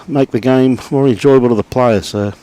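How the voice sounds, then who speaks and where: A middle-aged Australian man gives laid-back live commentary on lawn bowls, chatting away and greeting viewers by name. His voice is mid-range and his pace is normal.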